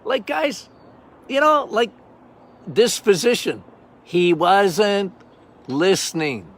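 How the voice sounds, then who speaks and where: Older male doctor-host, loud and emphatic, slightly higher-pitched, off-the-cuff monologue. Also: expressive, slow. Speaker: health podcast host, doctor. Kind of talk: casual monologue.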